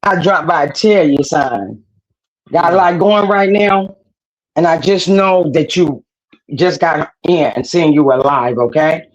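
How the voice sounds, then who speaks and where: A woman's voice: sits low, a little slow, muffled recording. Playful older woman calling in. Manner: playful, teasing, motherly. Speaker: viewer calling in. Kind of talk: casual chat. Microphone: video call.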